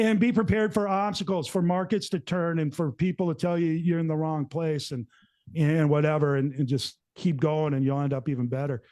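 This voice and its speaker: A middle-aged man hosting a show, telling a story in a rambling, animated way and acting out what people said. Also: fairly high pitch. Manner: rambling, animated, acts out quotes. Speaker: show host. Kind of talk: casual storytelling to co-hosts.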